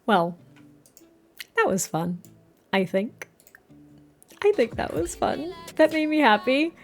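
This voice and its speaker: A young woman giving casual, gushing commentary on a life-sim game, giggling and excitable as she talks. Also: sits high, slow pace, soft background music. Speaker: gaming YouTuber.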